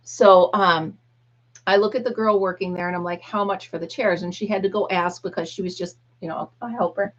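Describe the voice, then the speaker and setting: Speaking a little fast in a steady, medium-pitched tone, the middle-aged streamer chats casually with her audience and voices the quotes in her anecdote. The audio sounds dull.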